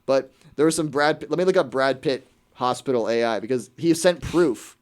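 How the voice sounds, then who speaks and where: A man's voice: medium pitch, moderate pace. A man hosting a radio show, ranting in casual comedic chat with a mocking, incredulous manner.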